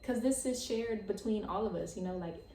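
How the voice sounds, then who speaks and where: A young woman in her twenties hosting her own podcast, excitable and chatty, full of "like" and laughs. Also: medium pitch, normal speed, echoey room, distant mic, a little hiss or hum. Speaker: podcast host. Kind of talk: casual chat.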